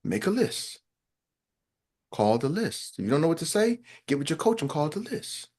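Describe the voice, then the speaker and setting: A man's voice: on the high side, very animated, moderate pace, a little mellow, slightly rough. Blunt, emphatic male business coach. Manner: repeats phrases for emphasis. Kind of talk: motivational talk.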